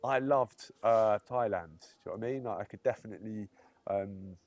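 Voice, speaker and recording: Young man, lower pitch, relaxed, casual podcast guest. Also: moderate pace. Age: young adult. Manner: relaxed, casual, keeps saying do you know what I mean. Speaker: guest fighter. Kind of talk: casual interview chat.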